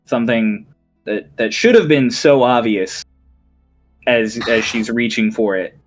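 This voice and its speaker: A man narrating as dungeon master, relaxed and chatty, with fillers. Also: medium pitch, measured pace, faint music behind. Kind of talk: narrating a tabletop game.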